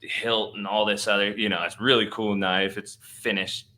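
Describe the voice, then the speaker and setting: A man's voice: fairly low pitch, flat delivery, normal speed, bright, forceful tone. A man hosting a podcast, telling a long story in a slangy, laid-back way with lots of fillers. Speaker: podcast host. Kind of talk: casual storytelling.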